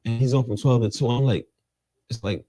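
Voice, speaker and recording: A man with a dark-toned voice, speaking a little fast, tells an animated story as an interview guest. He's full of street slang and voices the people in his tale, jumping in pitch to act out their quotes.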